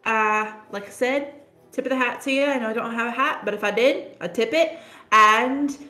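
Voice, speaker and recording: A woman's voice: fairly high pitch, normal speed, sharp tone, faint music behind, pitched above the performer's own voice. A woman voicing a polite, flustered adventurer in a put-on Scottish accent, hesitant and full of fillers, in an echoey room. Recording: roomy echo.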